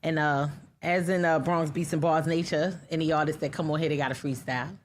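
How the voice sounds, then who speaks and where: Lisping woman host, low-pitched, relaxed and teasing, stumbling a bit, faint room hum. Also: fairly quick. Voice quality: slight lisp. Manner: loose, laughing, self-teasing, stumbles over words. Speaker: podcast host. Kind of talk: casual interview chat.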